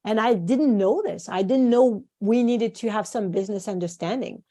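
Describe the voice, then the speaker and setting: A woman's voice: medium pitch, moderate pace, warm tone. A French-born woman whose first language is French, a guest on a podcast interview, telling stories with animation and acting out quoted voices. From France. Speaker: guest, acupuncturist and course founder.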